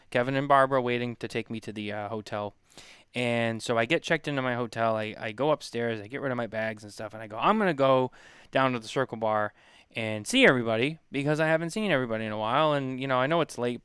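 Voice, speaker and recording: A man's voice: medium pitch, smooth, no echo, clean studio sound. Chatty young man telling a story. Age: 20s. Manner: laughing storyteller, animated impressions. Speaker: podcast co-host. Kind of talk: casual chat.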